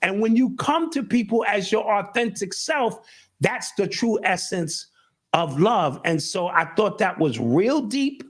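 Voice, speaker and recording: A middle-aged man talking in casual conversation with a fairly high voice. He speaks earnestly, almost preaching, and often restarts with repeated words. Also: lively intonation, a little slow. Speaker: show host and guest. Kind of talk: casual chat.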